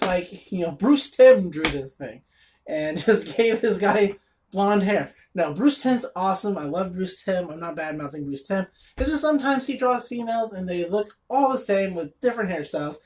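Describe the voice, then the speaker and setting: A woman's voice: medium pitch, animated, normal speed, darkish tone. A woman reviewing a comic in casual chat, blunt and sarcastic, with lots of fillers and asides.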